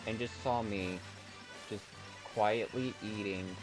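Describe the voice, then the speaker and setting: A man's voice: fairly low pitch, steady tone, slow pace, low-quality recording. Playful rambling young man streamer. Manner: rambling and playful, chuckling between stories. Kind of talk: casual live-stream chat. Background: background music.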